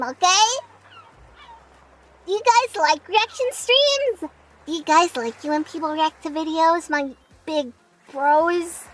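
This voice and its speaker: A woman's voice: very high-pitched, animated, slow, a little hiss or hum, poor audio. A young woman streaming and chatting casually with viewers, playful and self-deprecating, with frequent giggles. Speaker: streamer, part-time voice actor. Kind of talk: casual live-stream chat.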